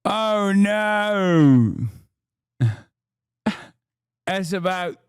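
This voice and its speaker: A man's voice: high-pitched, animated, drawn-out words, smooth, no echo, clean studio sound. A man hosting a livestream, reacting to a video with mocking, profane rants. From United States. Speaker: livestream host.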